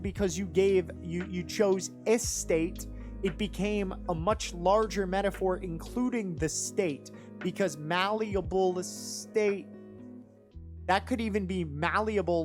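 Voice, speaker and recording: A judge talking through written rap verses live, enthusiastic and rambling, with lots of fillers and restarts. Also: mid-range voice. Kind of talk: live commentary and critique.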